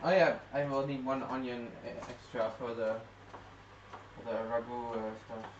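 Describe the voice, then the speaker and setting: A man's voice: medium pitch, steady tone, normal speed, lo-fi sound, background noise. A man co-hosting a livestream, making short, offhand remarks while cooking in a home kitchen. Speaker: livestream co-host. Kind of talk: casual chat while cooking. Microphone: distant room mic. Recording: echoey kitchen from far off, loud clattering.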